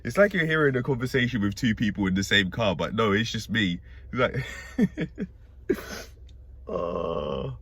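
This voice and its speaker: A man's voice: lowish voice, sing-song, unhurried, gravelly, long pauses, a bit bright, husky, dry recording. A man vlogging from inside a car, rambling aloud to himself in a musing, profane, joking way. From Britain. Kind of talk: rambling self-talk monologue.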